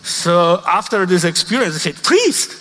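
A middle-aged Polish man preaching in a high, bright voice, slow and deliberate, his accented English ringing through the long reverb of a big hall. He leans hard on key words and draws out the lines he quotes. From Poland. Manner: emphatic, repeats quoted lines slowly, non-native grammar. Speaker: priest. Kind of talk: sermon with personal testimony.

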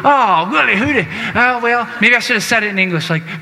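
A man's voice: high voice, normal speed, sharp tone. A man preaching a Catholic sermon, exuberant and exclamatory, leading the crowd in call-and-response chants. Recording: long reverb of a large hall.

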